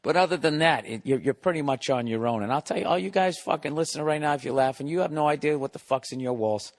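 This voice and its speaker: A comedian hosting a podcast, telling a long profane story in a casual monologue, exasperated and sarcastic. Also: male voice, a little high, fast.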